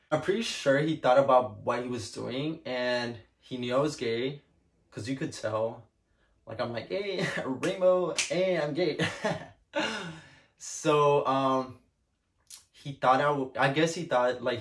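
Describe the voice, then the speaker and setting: A young man casually telling a personal story to the camera, chatty and full of filler words. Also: medium pitch. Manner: chatty, lots of "like" fillers, laughs often.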